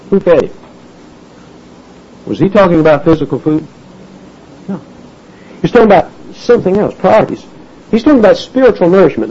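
A husky, mellow-toned man with a drawl preaches with a folksy, animated delivery and acts out the people in his story. His pitch rises and falls a lot. The recording sounds dull and lo-fi. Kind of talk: sermon.

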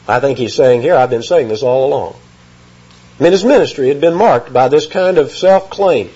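A man preaching an expository sermon, emphatic and lively, reading scripture aloud and explaining the words. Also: mid-range voice, normal speed, lo-fi sound, a little hiss or hum.

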